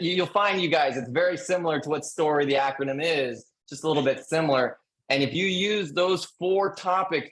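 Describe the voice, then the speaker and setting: Man, real estate agent, webinar panel, energetic coaching tone, repeats points, mid pitch. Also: rough recording.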